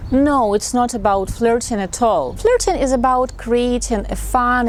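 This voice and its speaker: A woman's voice: a little high, a little mellow. A woman giving dating advice to the camera in a friendly, instructive way. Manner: friendly and instructive, acts out sample lines. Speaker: dating coach.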